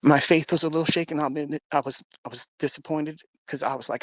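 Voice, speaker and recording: A man's voice: a little high, steady tone, quick pace. A man telling an emotional personal story of faith, earnest and emphatic, acting out the dialogue as he goes. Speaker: speaker sharing a personal testimony. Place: at home. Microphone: phone for a live audio chat.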